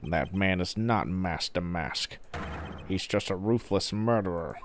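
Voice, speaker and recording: A man's voice: low voice, expressive, unhurried, a little hiss or hum. A man voicing an earnest young male defense lawyer who speaks hesitantly.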